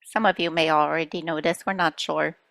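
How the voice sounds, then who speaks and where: A woman's voice: sits low, steady tone, brisk, creaky, fairly bright tone, dry recording. A woman channeling spirit guides for a group, speaking as "we" in a playful storytelling manner.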